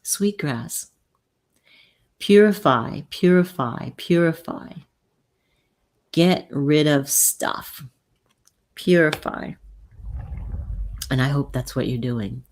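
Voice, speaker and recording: A woman with an unusually deep voice, hosting a spiritual advice chat. She speaks slowly and soothingly, repeating and restarting her phrases as she reads oracle cards for her viewers. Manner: gentle, soothing, halting with many repeats and restarts. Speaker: host and spiritual healer.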